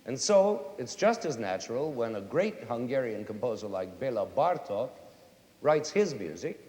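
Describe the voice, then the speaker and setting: A middle-aged man giving a lively lecture on music to a young audience, now and then singing short folk tunes to make his point. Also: medium pitch, moderate pace. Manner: animated, sings and hums short folk tunes to demonstrate. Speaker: conductor and music educator. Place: large concert hall with audience. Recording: roomy concert hall reverb, faint hiss.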